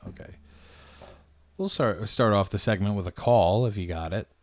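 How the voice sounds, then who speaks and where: A man's voice: lowish voice, normal speed. A man hosting a casual livestream, offhand and trailing off into mumbles. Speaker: streamer host.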